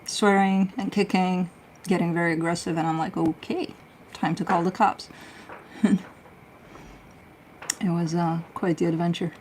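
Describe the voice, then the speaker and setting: A woman's voice: fairly low pitch, a little hiss or hum, poor audio. A middle-aged woman hosting a casual tarot livestream, chatting with viewers in a blunt, laid-back way, swearing freely and laughing often. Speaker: tarot reader and livestream host. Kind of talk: casual livestream chat, answering viewer comments.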